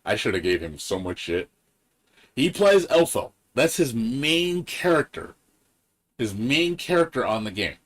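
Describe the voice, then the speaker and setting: A man's voice: mid-range voice, very animated, a little slow. A man ranting on a gaming live stream, profane and heated, mocking other people in quoted voices. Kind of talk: casual gaming stream rant.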